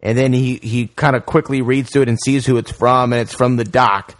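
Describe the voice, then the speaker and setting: A man hosting a casual film review chat, retelling scenes in an animated way with many fillers. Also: medium pitch, brisk, no echo. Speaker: podcast host.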